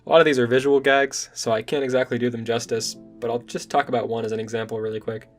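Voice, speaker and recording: A man's voice: medium pitch, little pitch movement, fast, soft background music. A young man recapping and recommending a manga in a casual, enthusiastic vlog. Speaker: manga reviewer.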